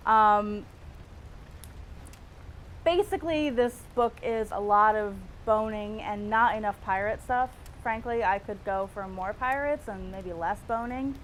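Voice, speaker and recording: A woman's voice: medium pitch, unhurried, a little hiss or hum, low-quality recording. A woman hosting a livestream, chatting casually in a wry, self-mocking way. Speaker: host.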